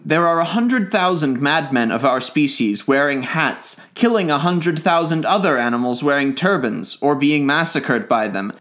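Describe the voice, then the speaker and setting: A man's voice: a little high, a bit bright. A man voicing a frank, bitter earth philosopher in a storybook reading, talking in a sardonic, blunt way.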